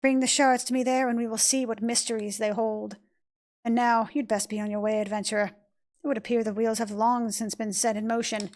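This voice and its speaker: A woman voicing a cryptic, hushed young boy. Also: on the high side, flat delivery, lightly acted. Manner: soft, measured and cryptic. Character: mysterious calm young boy who stops time. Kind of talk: reading game cutscene lines aloud.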